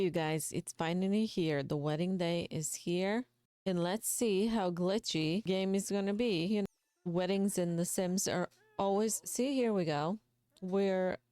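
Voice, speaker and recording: A woman's voice: medium pitch, a little mellow, clear, resonant tone, no room sound. A young adult woman hosting a gaming video, giving chatty, playful, gossipy commentary into a close mic. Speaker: gaming channel host. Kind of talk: casual game commentary.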